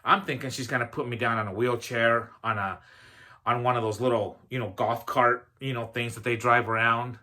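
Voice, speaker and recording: A man speaking as a motivational speaker, telling a personal story in a loose, conversational way. His voice is bright and forward, set in a middle pitch, with plenty of "um" and "you know" and a self-deprecating humor. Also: fairly even intonation, normal speed. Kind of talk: storytelling talk.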